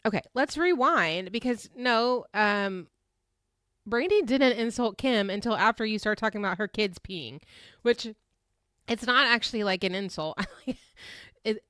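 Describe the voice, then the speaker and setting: A woman's voice: medium pitch, clean tone, dry recording, clean studio sound. A young woman hosting a casual recap, telling the story with frequent laughter and acting out the quotes. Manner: animated, laughs often, acts out quotes. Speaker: podcast host recapping a reality show.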